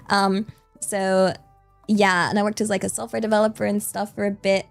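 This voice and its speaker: A woman's voice: mid-range voice, little pitch movement, normal speed, pauses often, faint music behind. A young British woman streaming, chatting in a playful, rambling way. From Britain. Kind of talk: casual live-stream chat.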